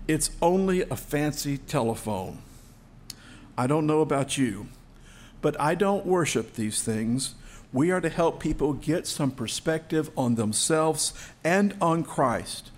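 Middle-aged guy preaching, bit high pitched, tells stories, asks the crowd stuff. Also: darkish tone. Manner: storytelling preacher, emphatic rhetorical questions. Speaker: pastor. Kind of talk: sermon.

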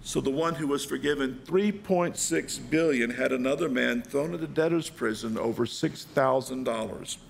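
A man's voice: mid-range voice, vocal fry, slight background noise. A man preaching a sermon, telling a parable in a dramatic, vivid way. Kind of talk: storytelling sermon.

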